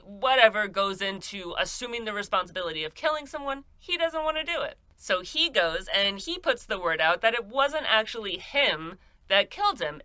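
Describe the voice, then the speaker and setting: A woman's voice: mid-range voice, bright, forceful tone, no room sound. A woman telling a crime story in a chatty, sarcastic, profane way, as a podcast host. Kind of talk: casual true-crime storytelling.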